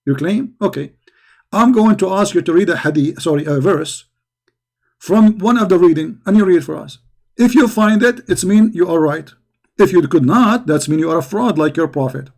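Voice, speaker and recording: High-voiced man, combative and mocking. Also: lively intonation, moderate pace, creaky, darkish tone. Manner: combative, mocking, broken English. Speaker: religious debater. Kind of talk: polemic commentary monologue.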